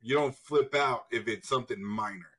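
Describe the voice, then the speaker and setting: A man's voice: medium pitch, normal speed, breathy edge. A man hosting a casual podcast chat, asking the others questions in turn and acting out the voices of people he quotes. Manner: animated, acts out quoted voices; asks the guests questions in turn. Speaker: podcast host.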